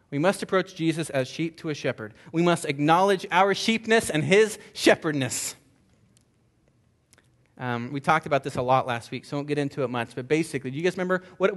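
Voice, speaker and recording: High-voiced man preaching a sermon. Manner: conversational, emphatic with repeated words and restarts. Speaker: pastor.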